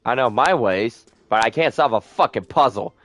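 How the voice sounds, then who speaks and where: A young man giving casual let's-play commentary, joking, swearing a lot and letting out sudden loud whoops. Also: mid-range voice, lively intonation, normal speed. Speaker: gameplay streamer.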